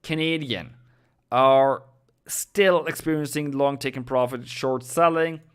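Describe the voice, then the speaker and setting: A young man hosting a live forex analysis stream, speaking slowly and deliberately at a middle pitch. His voice is smooth and clear, with non-native English phrasing, frequent fillers and self-corrections as he addresses viewers directly. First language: Norwegian. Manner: talks directly to viewers, thanks subscribers. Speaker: forex trading host.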